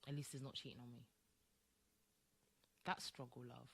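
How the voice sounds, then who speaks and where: A woman's voice: extremely low pitch, level tone, moderate pace, creaky, fairly bright tone, husky. A woman co-hosting a podcast in casual chat, talking emphatically and acting out quoted voices. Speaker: podcast co-host.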